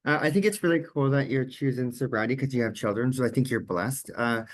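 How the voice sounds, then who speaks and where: On a video call, a man who is a journalist and advocate joins the meeting with a casual comment, speaking frankly and openly and laughing easily. His voice is medium-pitched and a little fast.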